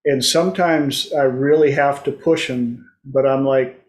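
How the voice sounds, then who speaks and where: A man's voice: medium pitch, steady tone, darkish tone. A man on a casual group video call who talks unhurriedly, telling small anecdotes. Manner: slow, anecdotal. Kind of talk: casual panel discussion.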